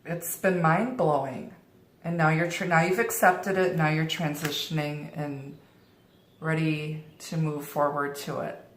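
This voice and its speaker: Low, unhurried woman giving a tarot reading. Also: steady tone. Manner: reassuring, repeats and restarts phrases. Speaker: tarot reader. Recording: roomy echo.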